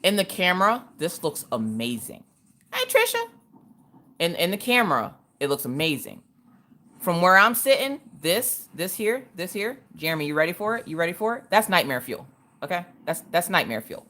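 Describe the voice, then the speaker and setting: A woman's voice: lowish voice, big pitch swings, moderate pace, pushed and bright. A woman hosting a casual crafting livestream, greeting her viewers by name as she works. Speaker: livestream host.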